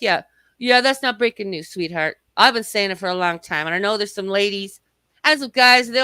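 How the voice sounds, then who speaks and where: A woman hosting a live stream tears into someone with a fierce, profane, mocking rant. Her voice is bright and cutting. The sound is close and dry, with no room around it. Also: mid-range voice, animated, fairly quick, smooth, no echo. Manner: angry, cursing, mocking. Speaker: livestream host.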